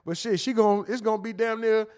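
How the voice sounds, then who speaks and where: A high-voiced man hosts a livestream and reads his chat aloud. His talk is loose and crude, and he often cracks himself up over his own slips. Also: steady tone, brisk, a little mellow, smooth. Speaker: livestream host. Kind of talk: casual livestream commentary reading chat.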